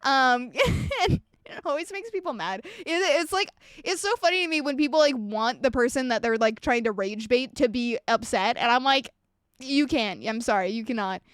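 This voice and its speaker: Young woman streamer, high and dry-sounding, foul-mouthed and animated, reads her chat. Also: normal speed, clean tone, no room sound. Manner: animated, swearing, ranting storyteller; reads and answers chat messages. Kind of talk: casual live-stream chat.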